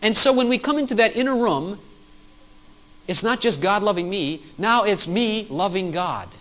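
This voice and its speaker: Animated high-voiced male preacher. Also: moderate pace, rough recording. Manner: animated preaching with rhetorical questions. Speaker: pastor. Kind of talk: sermon.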